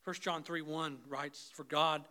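A man preaching a sermon as pastor, swinging between loud, rising intensity and soft, low pleading, often calling the congregation "guys". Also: flat delivery, unhurried. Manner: repeatedly addresses the congregation as "guys".

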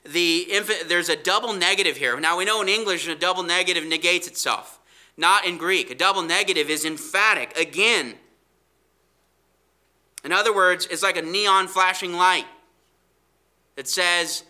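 Male preacher, bright ringing voice on the high side, leans hard on scripture with slow emphatic stresses. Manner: asks rhetorical questions. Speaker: Bible teacher. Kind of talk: expository sermon.

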